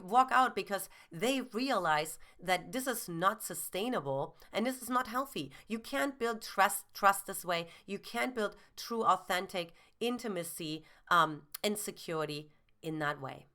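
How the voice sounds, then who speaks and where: A woman's voice: medium pitch, animated, measured pace, sharp tone. A woman giving relationship advice as a dating coach, earnest and explanatory, with frequent "you know" fillers.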